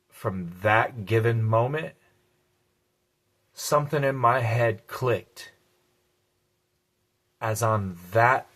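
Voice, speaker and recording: On his vlog, a man of medium pitch and a fairly bright tone recounts something personal. His manner is blunt and profane, full of casual slang, with key lines repeated to drive them home.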